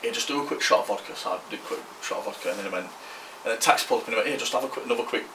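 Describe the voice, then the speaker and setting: A man's voice: lowish voice, racing, roomy sound, recorded from a distance, background noise. A man, telling a rambling story on a podcast, slangy and swearing freely. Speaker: podcast co-host. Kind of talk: casual storytelling.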